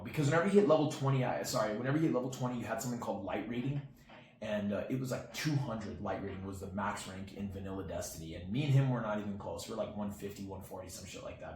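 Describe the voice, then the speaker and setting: A young man with a fairly low voice rambles through a personal story, full of fillers and little restarts. He acts out his friend's words as he goes. The room is roomy and echoey, with a faint hiss underneath. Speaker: channel host. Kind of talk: casual storytelling to camera.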